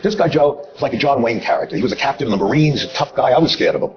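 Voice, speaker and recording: A man's voice: medium pitch, lively intonation, rapid-fire, dull audio, crowd noise. An older man telling a business story bluntly, digressing and repeating himself with filler asides. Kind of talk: anecdotal storytelling.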